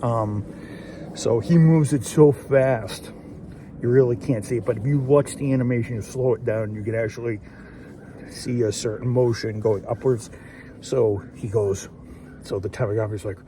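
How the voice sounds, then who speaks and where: Male host, casual solo review, mellow tone, rambling with lots of restarts, faint background noise. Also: medium pitch, moderate pace. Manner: rambling, many fillers and restarts, laughs while retelling. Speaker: show host reviewing an anime episode.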